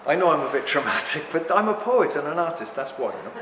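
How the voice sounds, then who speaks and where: An English man in his sixties gives a talk to a live audience, his slightly high voice rambling and animated as he rants and then apologizes. The room sounds large, with a long hall reverb and a faint background hum of noise.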